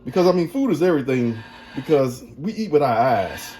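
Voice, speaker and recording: Relaxed, mellow-voiced man hosting a cooking show. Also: medium pitch, a little fast, a little hiss or hum. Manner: folksy, chatty, addresses viewers as y'all. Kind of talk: casual cooking demonstration. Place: kitchen.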